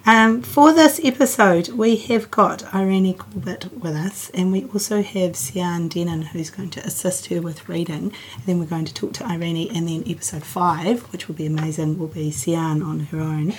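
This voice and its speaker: A woman hosts a podcast in a casual, chatty way, sprinkling in ums. Her voice is hoarse from a cold and sits on the low side. A faint hum of room ambience sits behind her. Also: normal speed, hardly any pauses. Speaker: podcast host.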